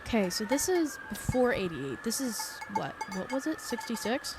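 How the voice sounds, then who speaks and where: A woman doing casual let's-play commentary, chatty and thinking out loud as she reacts. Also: on the high side, big pitch swings, normal speed, very noisy. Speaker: YouTuber playing a story game.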